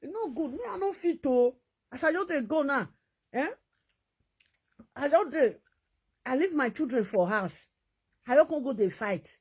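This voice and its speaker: A woman with a Nigerian Pidgin accent, talking in an animated, laughing vlog commentary. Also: sits high, moderate pace, long pauses. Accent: Nigerian Pidgin English. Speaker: vlogger.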